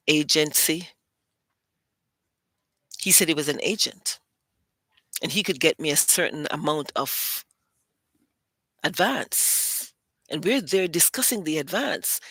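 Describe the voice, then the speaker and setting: A British woman hosting a show, telling stories in a casual, animated way and acting out what other people said. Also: low voice, no echo. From Britain. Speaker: host. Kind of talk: casual storytelling monologue.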